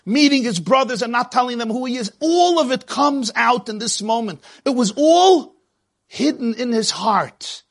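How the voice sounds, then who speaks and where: A man's voice: very high voice, lively intonation, normal speed, hardly any pauses, a bit bright. A man giving a sermon in a dramatic delivery that rises and falls, quoting Hebrew verses.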